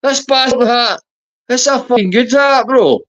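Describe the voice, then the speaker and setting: A man's voice: very high voice, a little slow, fairly bright tone. A man in casual livestream banter, teasing and swearing freely. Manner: profane, teasing, boisterous. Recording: dull lo-fi stream audio.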